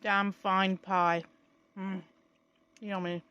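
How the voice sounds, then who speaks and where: A woman's voice: mid-range voice, flat delivery, extremely slow, sharp tone, highs cut off. A woman talking casually to camera from inside her camper van, chatty and swearing freely. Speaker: vlogger. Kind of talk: casual vlog chat.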